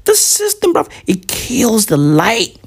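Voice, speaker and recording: A man in his thirties riffs through a profane comic monologue, taking his time and stretching his words out. His voice is gravelly and climbs and falls widely, and he keeps tossing in "right?" and "bruv". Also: extremely high pitch, wildly swooping pitch, takes it slowly. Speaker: comedian vlogger.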